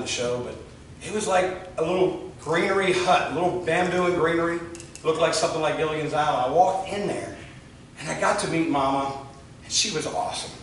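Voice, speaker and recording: A man's voice: a little high, a little hiss or hum. Man telling a story in a roomy church. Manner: earnest storytelling, voice drops soft and slow at moving moments. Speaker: guest speaker. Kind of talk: storytelling sermon. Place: church sanctuary. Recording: roomy distant church audio.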